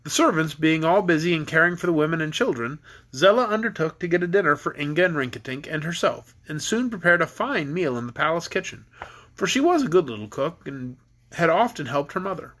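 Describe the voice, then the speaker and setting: Dad reading a storybook aloud. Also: male voice, a little high, expressive, fairly quick, fairly bright tone. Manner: easygoing, stumbles and rereads lines. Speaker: parent reading to his children. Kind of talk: reading a children's book aloud.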